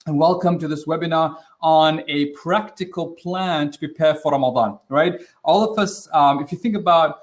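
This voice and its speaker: A man's voice: fairly high pitch, moderate pace, few pauses. A man hosting an interactive online teaching webinar, talking casually and energetically, often mixing in Arabic religious phrases. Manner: energetic, casual, acts out quoted reactions. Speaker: webinar host and trainer.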